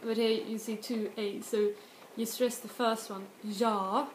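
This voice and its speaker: A woman's voice: fairly high pitch, flat delivery, darkish tone. Woman teaching in an echoey room. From Sweden. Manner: explains slowly with many restarts and spoken example words. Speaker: language tutor. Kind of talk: casual video lesson. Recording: echoey room with faint noise.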